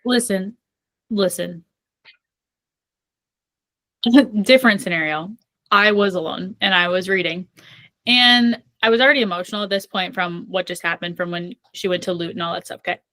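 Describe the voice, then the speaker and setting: A woman's voice: medium pitch, moderate pace, long pauses, pushed and bright, dry recording. A young woman co-hosting a book podcast, retelling her reactions emphatically in casual chat. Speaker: podcast co-host.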